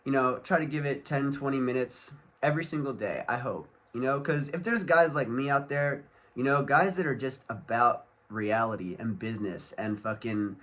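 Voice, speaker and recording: In a medium-pitched, slightly bright voice, this solo vlogger unleashes an angry, profanity-laced rant to camera. It's loose and casual, wandering all over with plenty of fillers.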